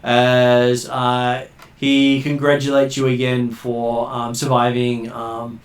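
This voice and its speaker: A man's voice: medium pitch, monotone, takes it slowly. A man narrating as game master, hesitant, with many ums and uhs. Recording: roomy, distant mic.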